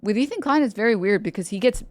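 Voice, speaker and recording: A young woman talks through a casual stream commentary, rambling and sarcastic. She laughs often and slips into mocking voices. Her voice is mid-pitched and recorded dry and close. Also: lively intonation, fast, no echo.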